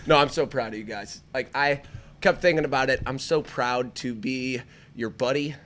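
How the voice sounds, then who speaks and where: A man's voice: mid-range voice, moderate pace, a crowd in the background. A man from the American Midwest co-hosting a casual podcast, swearing a lot and laughing often as he talks. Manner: profane, excitable, laughs often. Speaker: podcast co-host. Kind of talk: casual chat.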